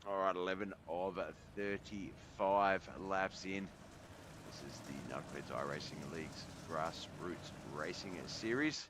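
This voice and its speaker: A man's voice: deep voice, measured pace, background noise. A man streaming from home, calling a sim race in laid-back play-by-play and thinking aloud about what happens on track. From Australia. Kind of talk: sim racing commentary.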